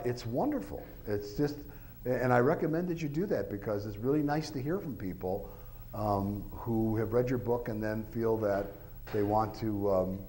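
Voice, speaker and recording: A man's voice: on the low side, a little mellow, a little hiss or hum, poor audio. A man, an author, giving an informal talk to an audience, rambling through anecdotes with lots of filler phrases and acting out quoted voices.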